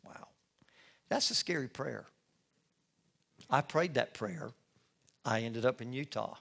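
A middle-aged male pastor preaching a sermon in an expressive storytelling manner. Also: medium pitch, takes it slowly, creaky. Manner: expressive, storytelling, acts out scenes. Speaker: lead pastor.

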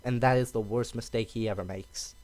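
A man co-hosting a podcast, recounting an anime scene in casual, animated chat. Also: medium pitch, fairly quick. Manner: animated storytelling. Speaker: podcast co-host.

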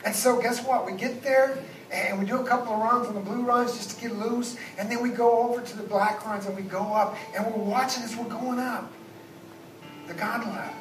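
A man, a guest pastor, preaching a sermon and moving between loud exhortation and hushed asides. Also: extremely high pitch, fairly even intonation, normal speed. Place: church sanctuary. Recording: echoey church sound from a distance, background noise.

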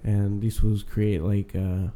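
A man with a mellow, warm tone chatting loosely with his buddies. His talk is slangy and full of swearing, and he tells stories in a rambling way. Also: fairly low pitch, little pitch movement, slow pace. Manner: slangy, profane, rambling storyteller. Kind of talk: casual crude chat among friends.

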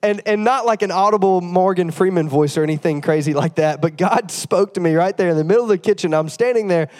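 Man, young pastor, sermon, high pitch, animated, congregation call-outs, worn out. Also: fast. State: tired, getting over the flu.

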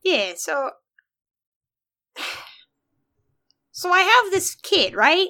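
A woman playing an exasperated father who is running for mayor and talks in halting, rambling sentences. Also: very high-pitched, sing-song, pushed and bright, pitched above the performer's own voice, full character voice. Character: exasperated father of a rebellious son, vying for mayor.

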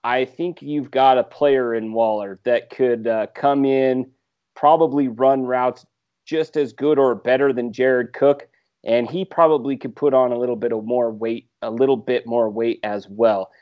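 A man's voice: medium pitch, steady tone, measured pace, a little mellow. Rambling easygoing male podcast co-host. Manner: rambling, hesitant with frequent "uh". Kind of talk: casual chat.

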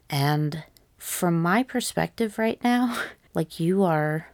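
A young woman earnestly telling a personal story to the camera, halting and full of "like", with casual swearing. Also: fairly low pitch, lively intonation, a little mellow, no echo.

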